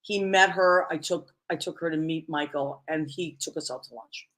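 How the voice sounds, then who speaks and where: A woman's voice: low-pitched, normal speed, fairly bright tone. Effusive woman host telling a story. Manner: effusive, storytelling with many exclamations. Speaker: talk show host. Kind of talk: casual interview chat.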